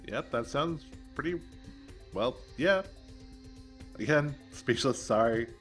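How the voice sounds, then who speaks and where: A man's voice: medium pitch, expressive, slow, faint music behind. A man hosting a game playthrough, giving casual commentary with wry, self-deprecating remarks. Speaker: gameplay host.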